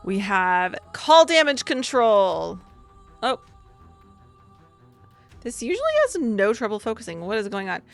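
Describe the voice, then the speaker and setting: A woman with a slight cold, opening trading card packs in a bubbly vlog and reading card text aloud quickly. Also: mid-range voice, very animated, faint music behind. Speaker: card-opening content creator. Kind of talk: excited pack-opening vlog.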